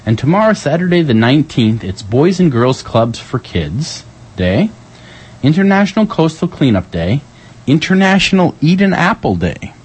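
A man's voice: on the high side, moderate pace, breathy edge, rough recording. A man hosting a community radio show, chatting casually and jokily as he reads out the day's events. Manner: playful, jokey, reading calendar items with lively ups and downs.

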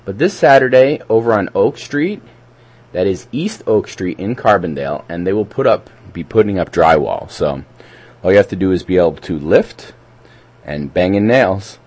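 A man's voice: low-pitched, animated, normal speed, darkish tone, slightly rough. A man co-hosting a community radio show, chatting casually and reading out local event listings in a rambling way. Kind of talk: casual radio chat and announcements.

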